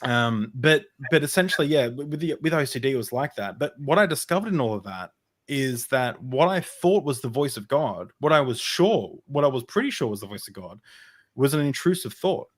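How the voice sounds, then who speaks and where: A young man, a guest on a podcast, speaks in a mid-range, animated voice at a brisk pace. He tells a personal story in a rambling way, full of fillers and restarts.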